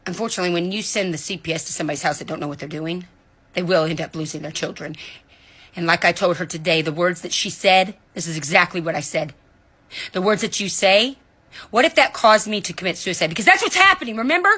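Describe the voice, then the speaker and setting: A woman delivering a heated, indignant monologue, cussing and swinging between loud outbursts and low muttering, recorded at home in bed. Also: quick pace, breathy edge. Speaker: vlogger. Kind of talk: angry ranting monologue.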